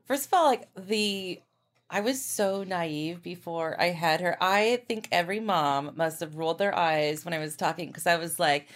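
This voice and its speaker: A woman's voice: fairly low pitch, normal speed. A woman guest on a podcast, talking in a chatty, effusive way with lots of fillers. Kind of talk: casual chat.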